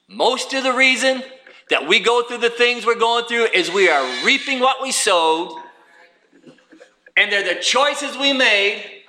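A man preaching a sermon in an animated way, firing rhetorical questions and acting out what people say. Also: sits high, roomy sound.

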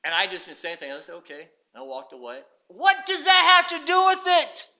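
A man's voice: very high-pitched, a little fast, bright, forceful tone. A man preaching a sermon as pastor, emphatic and repeating his points.

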